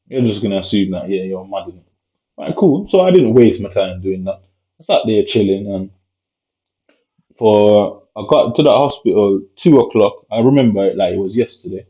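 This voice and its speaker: A man's voice: fairly low pitch, mellow. A man in a casual vlog monologue, rambling and agitated and swearing often. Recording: dull lo-fi recording.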